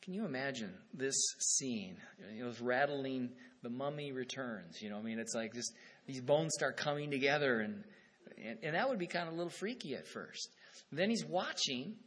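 A man's voice: on the high side, fairly bright tone, breathy edge. A male pastor preaching a sermon, reading scripture aloud with rising emphasis and then commenting in a conversational way.

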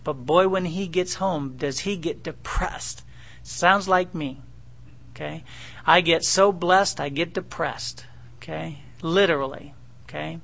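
Man, preacher, sermon, high voice, bright tone, animated, conversational, rhetorical questions. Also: a little slow, vocal fry.

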